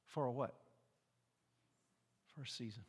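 An older man preaching a sermon as a pastor, with dramatic swings from hushed, quiet lines to loud shouting. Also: medium pitch, a little slow, husky, big-room sound.

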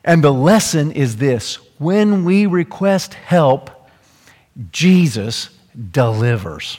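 A preacher delivers a dramatic sermon in a fairly high voice, swinging between loud and soft. He speaks slowly and deliberately. The sound carries a long reverb from the church hall. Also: expressive.

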